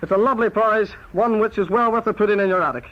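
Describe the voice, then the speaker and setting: A man with a Northern Irish accent playing a formal, brisk quizmaster in a comedy sketch. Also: high voice. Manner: brisk, formal quiz-host delivery. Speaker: comic quizmaster. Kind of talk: comic sketch on tape. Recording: dull old cassette tape with hiss.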